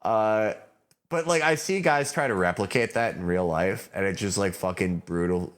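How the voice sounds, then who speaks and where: A man with a low voice talking on a podcast mic. He rambles through crude, joking banter, piling up fillers and curses as he goes. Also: moderate pace. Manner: rambling, profane, lots of fillers. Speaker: podcast guest.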